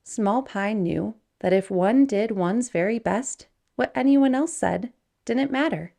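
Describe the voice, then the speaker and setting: Slow, gravelly woman reading a storybook. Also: on the high side. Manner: gentle, unhurried read-aloud with soft hushed passages.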